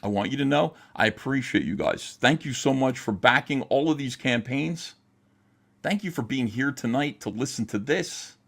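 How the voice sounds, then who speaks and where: A man's voice: medium pitch, expressive, normal speed, vocal fry, a bit bright. A man hosting a livestream, talking in a heated, profane, emphatic way while ranting and reading chat. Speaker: livestream host.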